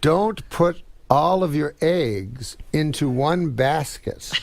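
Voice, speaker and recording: A man voicing a schoolgirl who tells her class a plain, earnest story, halting as she goes. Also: on the high side, lively intonation, a little mellow, no echo.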